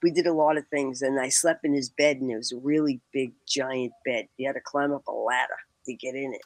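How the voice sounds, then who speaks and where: Woman telling a lively story. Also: rumbling low, brisk, dry recording, low-quality recording. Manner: animated, laughing often, quotes people; many fillers and restarts. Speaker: guest. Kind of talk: casual storytelling.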